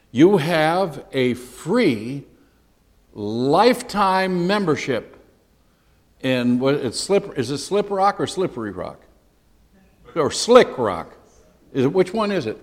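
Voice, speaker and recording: A man, a pastor, teaching a sermon in an animated, emphatic and conversational way. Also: medium pitch, measured pace, long reverb tail.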